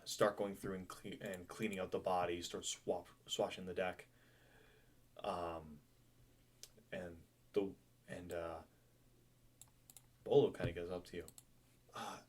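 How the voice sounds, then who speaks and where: A man's voice: sits low, fairly even intonation, measured pace, long pauses. A young man running a tabletop game as game master, chatty and loose, laughing and swearing casually.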